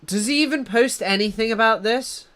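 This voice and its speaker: High bright-voiced man rambling on stream. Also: moderate pace. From England. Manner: rambling, restarts sentences, reads chat aloud. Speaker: livestream host. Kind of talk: casual livestream commentary.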